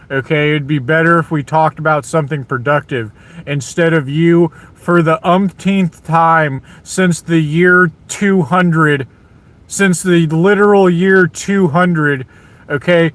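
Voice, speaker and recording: A man's voice: a little high, a bit bright. An American man ranting in a repetitive, emphatic, exasperated monologue. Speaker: vlogger.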